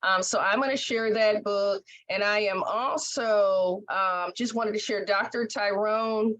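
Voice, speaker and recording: A woman's voice: mid-range voice, fairly even intonation, measured pace, fairly bright tone. A woman hosting a podcast interview, speaking in an emphatic, folksy, heartfelt way. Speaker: podcast host. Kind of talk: conversational interview.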